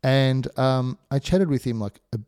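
A man, co-hosting a podcast and telling animated stories with laughs. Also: unhurried, clean tone, dry recording, clean studio sound. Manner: animated, laughing storyteller, pitch jumps when excited. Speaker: podcast co-host. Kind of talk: casual chat, anecdote.

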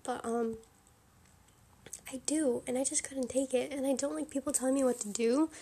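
Give me a high-voiced young woman chatting frankly on her podcast. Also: fairly even intonation, moderate pace, mellow, husky. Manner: chatty, frank and opinionated, lots of fillers and laughs. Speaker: podcast host. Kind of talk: casual solo podcast chat.

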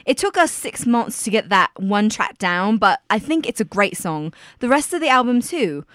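A woman's voice: mid-range voice, big pitch swings, moderate pace, a bit bright, dry recording, clean studio sound. A woman doing an impression of a British pop star with a put-on London accent, blunt and slangy, in a comedy sketch. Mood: chatty. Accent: London English, put on.

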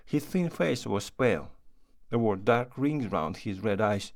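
A man narrating a classic short story in a measured reading voice. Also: on the low side, lively intonation, vocal fry.

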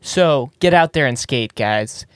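A man's voice: medium pitch, lively intonation, unhurried, no echo, studio quality. A man hosting a podcast in casual chat, easygoing and enthusiastic, laughing often. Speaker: podcast host.

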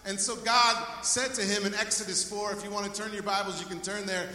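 Speaking a little fast, the man preaches with a bright, forceful high-pitched voice that barely shifts in pitch. He energetically calls the congregation to praise during his sermon. The church sanctuary's echoing hall places his voice at a distance.

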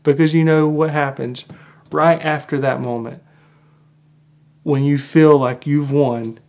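A man giving an enthusiastic monologue breaking down a film, stretching out words for emphasis and acting out reactions. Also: on the high side. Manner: animated, drawn-out emphatic phrasing with acted-out reactions. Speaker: film analyst.

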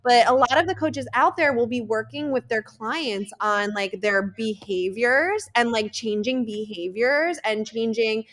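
A woman's voice: on the high side, unhurried, few pauses, fairly bright tone. A woman with a New Jersey accent, a guest coach explaining ideas in casual, filler-heavy talk. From New Jersey, USA. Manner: rambling, filler-heavy, laughs easily. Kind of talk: casual interview chat.

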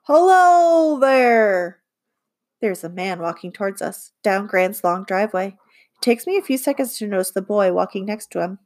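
A woman narrating a children's audiobook in the first person, with lively, girlish storytelling. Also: mid-range voice, brisk. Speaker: audiobook reader.

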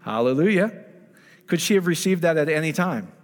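A man preaching a sermon in a lively storytelling way, acting out the voices of the people he talks about. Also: on the high side, fast. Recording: long hall reverb.

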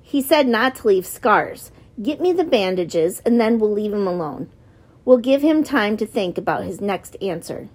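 A woman's voice: mid-range voice, lively intonation, moderate pace, darkish tone, lightly acted. A woman reading an audiobook, voicing a stern, harsh grown man who scolds his young prisoner. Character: gruff grown man, stern jailer, harsh but grudging.

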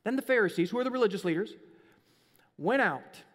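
A middle-aged male pastor with a notably high voice delivers a casual, conversational sermon. He slips into little acted-out voices as he tells the story. His voice rings with a long reverb from the church sanctuary. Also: expressive, brisk, fairly bright tone. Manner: conversational, acts out scenes with voices.

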